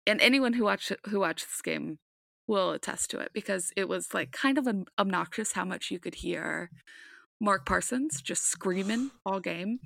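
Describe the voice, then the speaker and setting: Woman, podcast co-host, heavy vocal fry, casual chatty sports talk, dry recording. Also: mid-range voice, normal speed, a bit bright, no room sound. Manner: chatty, with frequent ums and restarts.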